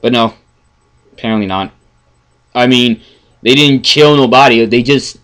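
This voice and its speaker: A man ranting in a casual review, profane and exasperated, stammering and swinging from mumbling to yelling. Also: medium pitch, measured pace, long pauses. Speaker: anime reviewer.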